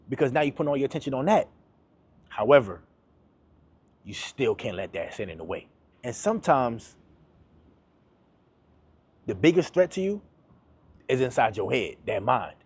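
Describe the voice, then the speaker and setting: A man's voice: medium pitch, animated, moderate pace, long pauses, husky. A man giving a motivational talk to his viewers, emphatic and repetitive, in casual slang. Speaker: motivational YouTuber.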